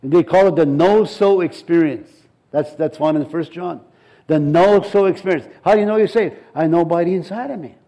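A middle-aged pastor with a notably high voice preaches a sermon at normal speed, his tone mellow despite a rough recording. He hammers his points home through emphatic repetition, building intensity as he goes.

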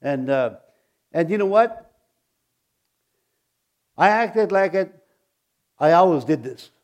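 Rambling, chuckling pastor with a raised voice. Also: male voice, fairly high pitch, expressive, a little mellow. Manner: rambling, halting, with many restarts and chuckles. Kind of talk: testimony storytelling.

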